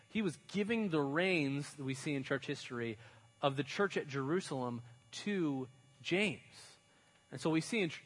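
A man's voice: on the high side, husky, rough recording. Casual, chatty male preacher. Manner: chatty, uses slang and fillers, dramatizes stories. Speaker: pastor. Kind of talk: casual conversational sermon.

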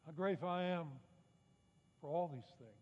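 A man with a high voice preaches in a church sanctuary, keeping it conversational with rhetorical questions and wry jokes at his own expense. The sound is somewhat muffled, and a long reverb trails behind him. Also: normal speed. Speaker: pastor. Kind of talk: sermon.

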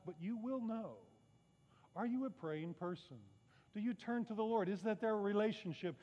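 High-voiced pastor preaching in an echoing hall. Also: male voice, a little mellow. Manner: conversational preaching with rhetorical questions and self-deprecating asides. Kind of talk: sermon. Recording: muffled sound with long reverb in a large hall.

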